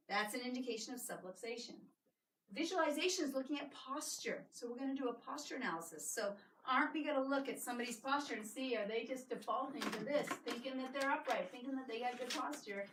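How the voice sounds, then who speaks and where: A high-voiced woman leads a live clinic workshop, upbeat and coaxing, always checking in with the audience. The sound is roomy and echoey. The mic sits some distance away, with faint noise underneath. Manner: energetic, coaxing, keeps asking "right?". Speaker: chiropractor giving a patient workshop. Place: clinic room with a small audience.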